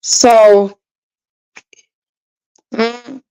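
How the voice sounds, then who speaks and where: Frustrated woman livestreamer, slightly high voice. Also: fairly even intonation, very slow, mellow, clean tone, rough recording. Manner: frustrated, rambling, talks straight to viewers. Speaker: livestream host. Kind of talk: casual livestream chat.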